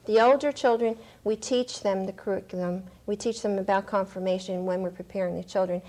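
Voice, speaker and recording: A woman who is a religious sister and school principal answers questions on a studio panel. She speaks at a middle pitch and explains her points earnestly, pausing briefly as she goes. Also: steady tone, a little mellow. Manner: earnest and explanatory, with small hesitations.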